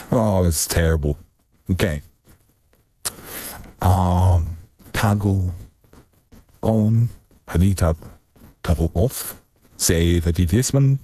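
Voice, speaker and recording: A man with a very low, husky voice talks slowly and mutters to himself while he troubleshoots his streaming audio. His talk rambles, and he swears under his breath. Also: mellow. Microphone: desk mic with noise gate.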